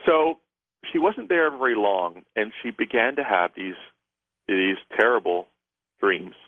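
A man's voice: lowish voice, lively intonation, unhurried, no room sound. Guy calling in to a radio show, rambly storyteller, thin phone sound, no room at all. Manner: rambling, many restarts while describing. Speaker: guest author and psychic. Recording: tinny phone line.

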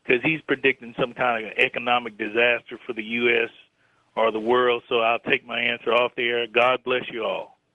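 A man's voice: medium pitch, level tone, moderate pace, no room sound. A polite, earnest man calls into a radio show to ask a question. His voice comes through a tinny, phone-like line that sounds dry and thin. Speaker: caller.

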